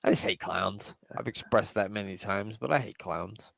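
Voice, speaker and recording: A man's voice: lowish voice, moderate pace, gravelly, fairly bright tone, no room sound. A man co-hosting a casual wrestling podcast, talking loosely, swearing freely and trailing off mid-thought. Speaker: podcast co-host. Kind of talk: casual chat.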